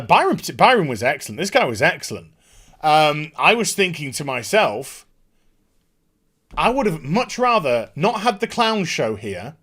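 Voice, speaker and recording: Male TV reviewer, high animated voice, scornful casual rant. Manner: sarcastic, sweary, mocking. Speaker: YouTube TV reviewer.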